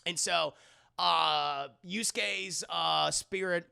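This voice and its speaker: Gravelly, high-voiced man recapping for chat. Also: extremely slow. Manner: animated, profane storytelling with acted voices. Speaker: anime review streamer. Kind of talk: casual recap talking to live chat.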